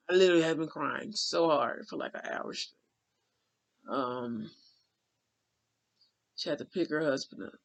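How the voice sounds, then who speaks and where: A man's voice: on the high side, vocal fry, a bit bright. A man telling a rambling, heartfelt spiritual story in casual vlog talk, full of restarts and folksy asides. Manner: colloquial, drawling asides like "child" and "honey". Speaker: spiritual channeler.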